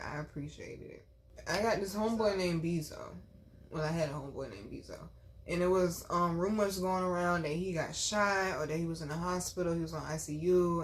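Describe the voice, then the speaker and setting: A woman with a slightly low voice tells a story from her own life to her vlog audience. She is emphatic and chatty, and keeps breaking off to address her viewers directly. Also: a little hiss or hum. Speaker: vlog host telling a personal story. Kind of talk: casual storytelling.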